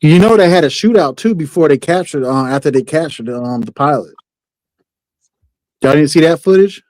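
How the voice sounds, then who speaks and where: A man's voice: on the high side, animated, normal speed, darkish tone, dry recording, low-quality recording. A man guest on a livestream, talking casually in slangy, easygoing speech.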